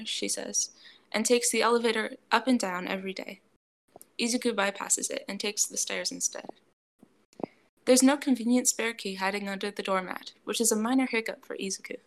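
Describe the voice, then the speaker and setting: A woman narrating a fan fiction audiobook, reading in a gentle, even way and voicing a soft-spoken young man's lines. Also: fairly high pitch, normal speed, slight background noise.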